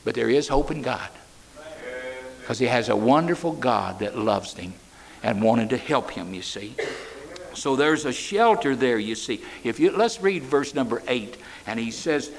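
A man preaching a sermon, swinging between loud cries and hushed, soft words. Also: mid-range voice, expressive, normal speed, vocal fry.

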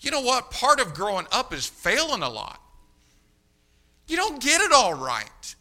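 A man preaching a sermon, telling a folksy story and then urging young people on, shifting from quiet asides to loud exhortation. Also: very high-pitched, huge pitch swings, measured pace.

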